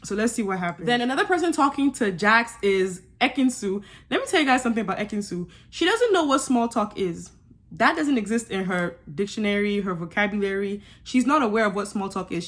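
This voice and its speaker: A young woman giving a sassy, animated recap of a reality show, with laughing asides. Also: a little high. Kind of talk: casual recap commentary.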